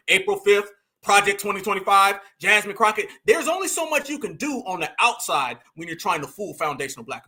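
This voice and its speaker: Bright-voiced man ranting commentary. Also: high voice, breathy edge. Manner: animated, preachy, calls audience "fam", mocks voices. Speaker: commentary host. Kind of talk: reaction commentary on clips.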